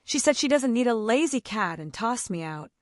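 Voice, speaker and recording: A woman voicing a lonely, sleepy, scruffy old cat in a storybook, speaking softly with a sigh. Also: a little high, big pitch swings, moderate pace, no room sound, studio quality. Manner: soft, sighing.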